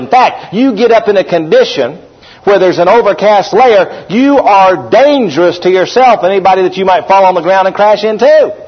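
A man preaching a lively sermon as pastor, calling out to his congregation. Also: high-pitched. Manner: animated preaching, calls out to the congregation. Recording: dull lo-fi recording.

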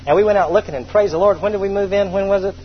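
A man's voice: high-pitched, racing. A man in his thirties preaching a sermon, emphatic and storytelling, repeating his key phrases for effect. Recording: dull lo-fi recording with faint hum.

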